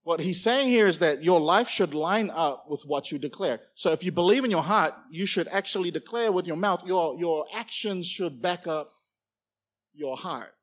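A man preaching a sermon, animated and playful, acting out little characters as he goes. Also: sits high, moderate pace. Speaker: pastor.

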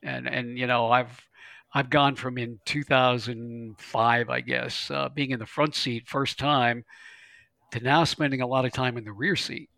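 Gravelly, bright-voiced storytelling man. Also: mid-range voice, measured pace, dry recording. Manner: folksy, animated storyteller with laughs and stammers. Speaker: glider pilot and instructor. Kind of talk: conversational interview storytelling.

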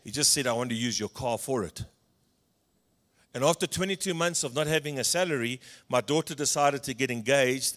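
A middle-aged man from South Africa preaching a sermon, telling personal stories and acting out the dialogue, swinging between loud passages and hushed ones. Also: mid-range voice. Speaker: pastor.

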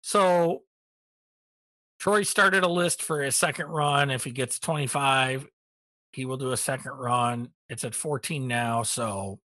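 A middle-aged man co-hosting a casual hobby podcast, relaxed and rambling with many ums, a little tired. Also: medium pitch, measured pace, no echo. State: tired, yawning. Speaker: podcast co-host. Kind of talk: casual hobby news chat.

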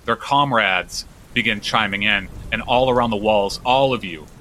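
Low, bright-toned game master. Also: male voice, normal speed, slight background noise, rough recording. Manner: vivid narration with frequent restarts. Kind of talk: narrating a tabletop game.

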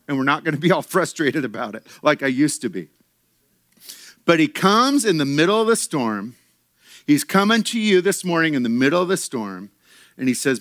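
A man preaching a sermon to his church in an animated way, acting out quoted voices and laughing often. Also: high voice, moderate pace, no echo, clean studio sound. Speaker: pastor.

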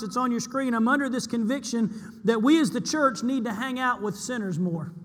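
A man's voice: very high voice, sharp tone, in a large hall. A man preaching a sermon to his church, earnest and emphatic, repeating key lines for weight.

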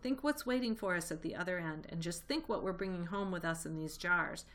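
A woman voicing a clever, cheerful male fox in a storybook reading, brisk and upbeat. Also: fairly low pitch, a bit bright, natural voice. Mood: cheery.

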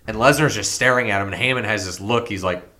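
A man's voice: lowish voice, fast talker, bright, forceful tone. A man co-hosting a casual wrestling recap, giving dry, blunt opinions. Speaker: podcast co-host.

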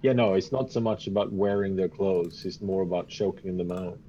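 A man playing a tabletop game, chatty and jokey, thinking his moves through out loud. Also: low voice, moderate pace, muffled recording, a little hiss or hum. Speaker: player. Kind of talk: casual tabletop game chat.

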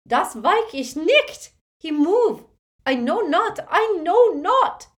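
A woman's voice: very high voice, sing-song, takes it slowly, pitched above the performer's own voice, full character voice. A woman voicing a frightened foreign woman with a German accent, speaking broken English in panicked pleas. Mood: terrified.

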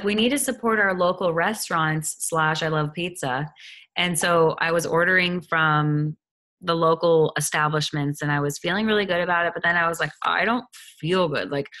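Low-voiced woman, bright and chatty. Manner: chatty, animated, acts out what people said. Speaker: hypnotherapist. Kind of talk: casual personal chat.

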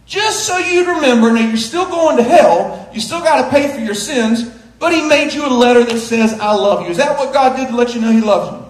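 A middle-aged male pastor preaching a sermon with a humorous story, moving from hushed asides to shouted punchlines and chuckling through the telling. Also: very high-pitched, brisk. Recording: roomy echo of a big hall.

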